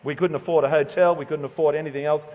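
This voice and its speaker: A man's voice: fairly high pitch, steady tone, fast talker, darkish tone, in a large hall, muffled recording. A middle-aged Australian man preaching a sermon in a casual, joking, conversational way, stumbling over his words now and then. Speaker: pastor.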